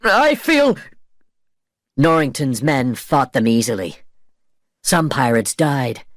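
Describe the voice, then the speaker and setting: Slow expressive storybook narrator, male. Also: mid-range voice, no echo, clean studio sound. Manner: slow, clear, expressive reading. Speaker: reader of a graded story.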